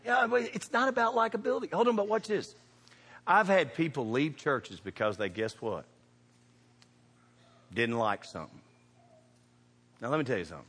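A man preaching a sermon, telling funny stories with animated shouts and laughter. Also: on the high side, normal speed, long pauses, husky. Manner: animated, shouting bursts, laughing through punchlines. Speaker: pastor. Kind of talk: humorous storytelling sermon. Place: church sanctuary. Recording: reverberant church hall.

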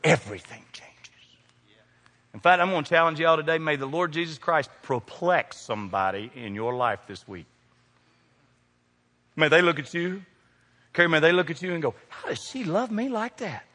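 Folksy preacher with a bright voice. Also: male voice, fairly high pitch, expressive, moderate pace, long pauses. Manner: folksy, joking preacher addressing congregation by name. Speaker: pastor. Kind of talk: sermon. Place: large church sanctuary. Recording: long hall reverb from sanctuary.

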